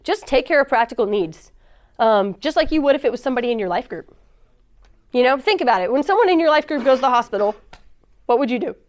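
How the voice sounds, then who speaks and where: Woman speaker for a church talk, high-ish voice, casual and laughing, acts out her stories. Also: lively intonation, fast. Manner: chatty, laughs often, acts out quoted dialogue.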